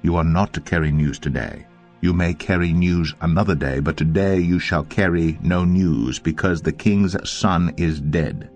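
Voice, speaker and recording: A man's voice: low voice, normal speed, faint music behind. Joab, a man voicing a stern army commander. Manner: forceful, reproachful. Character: stern male army commander rebuking a king.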